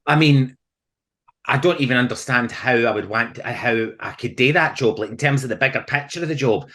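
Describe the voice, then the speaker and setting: A middle-aged Scottish man, a podcast guest, chatting casually and telling animated stories with frequent laughs. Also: mid-range voice, fairly quick. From Scotland. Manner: animated storyteller, laughs often. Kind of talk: casual chat.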